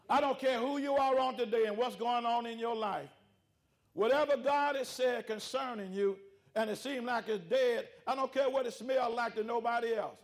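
A man's voice: very high-pitched, normal speed. A man preaching a sermon, calling out to his congregation, with rhythmic repetition and informal vernacular speech. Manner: preaching with call-outs to the congregation. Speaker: pastor.

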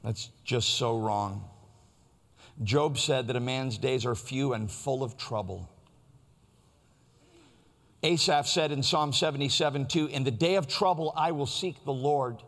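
A man's voice: medium pitch, unhurried, long pauses, a bit bright, big-room sound. A man preaching a sermon in a church, in a conversational, storytelling way. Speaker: pastor.

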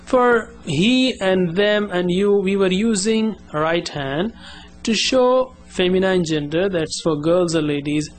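Male language teacher, slightly high voice, patient repetition drills, soft music underneath. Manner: slow, deliberate, drills words for repetition. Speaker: Arabic teacher. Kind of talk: beginner language lesson.

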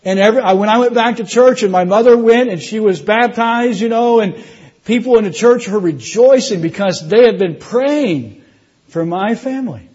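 A man's voice: sits high, moderate pace, darkish tone, slightly rough, muffled recording. A middle-aged man preaching from the pulpit, telling his conversion story with restarts and rising emphasis. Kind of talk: sermon testimony.

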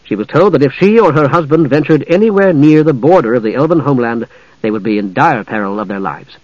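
A man narrating a fantasy novel in a measured, even storytelling manner. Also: mid-range voice, no echo, muffled recording. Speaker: audiobook narrator.

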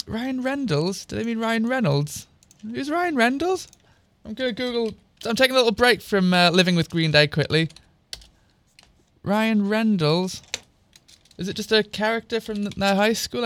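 A man's voice: high-pitched, normal speed, pauses often, fairly bright tone. A young man doing a sarcastic dramatic reading of amateur fiction, stopping to mock its typos and plot. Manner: sarcastic, interrupts to comment on typos. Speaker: reader of amateur fan fiction. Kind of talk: mocking dramatic reading with asides.

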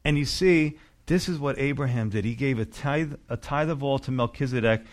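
A man's voice: medium pitch, normal speed. A male pastor preaching a sermon in a church, talking to the congregation in a conversational way with frequent rhetorical questions.

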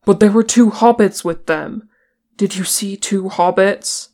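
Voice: mid-range voice, very animated, normal speed, creaky, heavily acted. Gimli, a reader voicing a growling dwarf. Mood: indignant. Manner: growling, indignant. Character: fierce, loyal male dwarf warrior. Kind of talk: audiobook character reading.

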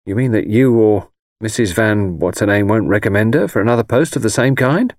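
A man's voice: on the low side, expressive, brisk, darkish tone, dry recording, clean studio sound, lightly acted. A man reading the part of a blunt, easygoing young newly married man in an audiobook, plain and direct. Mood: casual.

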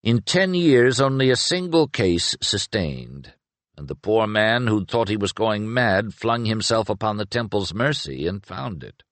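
A stern, impatient investigator speaks in short, clipped lines, voiced by a man reading the book. The voice sits very low yet swings widely in pitch. It comes across close and dry, with no room sound. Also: sing-song, unhurried, fairly bright tone, dry recording. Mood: grim. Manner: curt, clipped speech through gritted teeth. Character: stern grim male investigator, terse and impatient. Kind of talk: audiobook character reading.

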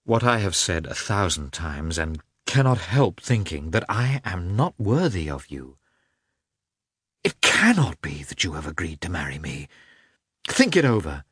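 A man's voice: low voice, sing-song, measured pace, fairly bright tone, breathy edge, dry recording, studio quality, heavily acted. A man voicing a despairing young suitor. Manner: pleading, anguished. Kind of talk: audiobook character voice.

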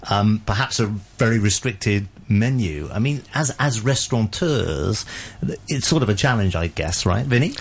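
A man's voice: fairly low pitch, animated, normal speed, slightly rough. A man hosting a radio chat, musing in a hesitant way with fillers. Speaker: radio host.

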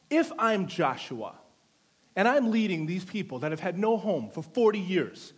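Animated high-voiced male preacher. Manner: playful, teases the congregation; animated storytelling with audience participation. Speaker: pastor. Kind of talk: sermon.

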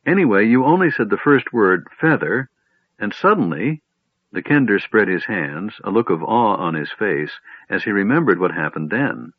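A man voicing an eager, chatty male kender who tells tales excitedly and stammers at times. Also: lowish voice, moderate pace, slightly rough, dry recording. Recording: tinny phone-like line, dry.

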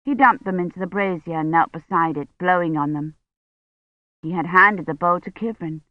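A woman narrating an audiobook in a measured, even storytelling manner. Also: lowish voice, no echo. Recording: dull dry recording.

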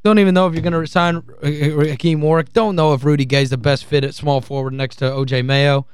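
A man's voice: fairly high pitch, fairly even intonation, fairly quick, smooth, dry recording. A male sports radio host in a studio, ranting heatedly and with exasperation, hammering his points home by repeating phrases. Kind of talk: call-in sports talk rant.

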